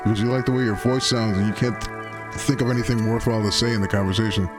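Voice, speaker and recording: A man's voice: on the low side, fairly even intonation, fast talker, over music. A man casually commenting while playing a game on a live stream, rambling and swearing and riffing on slang.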